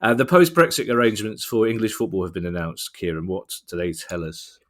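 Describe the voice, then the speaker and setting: A man's voice: fairly low pitch, lively intonation, brisk. A middle-aged man co-hosting a podcast in a casual, joking, wry manner. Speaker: podcast co-host. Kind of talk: casual chat.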